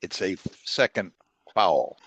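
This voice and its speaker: A man's voice: low voice, sing-song, unhurried, creaky, fairly bright tone, husky, no room sound. A man in an officials training, hesitantly raising a point. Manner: hesitant, asks questions.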